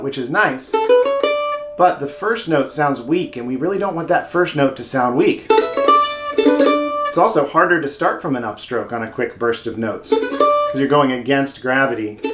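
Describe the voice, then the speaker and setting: A man teaching mandolin technique step by step, friendly and casual, with playful asides. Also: medium pitch. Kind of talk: instructional video lesson. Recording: roomy sound with loud mandolin playing. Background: mandolin playing.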